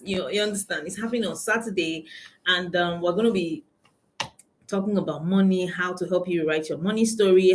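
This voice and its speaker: A woman's voice: lowish voice, low-quality recording. A woman with a Nigerian accent, a coach hosting a casual live stream from her phone, greeting viewers by name and laughing often.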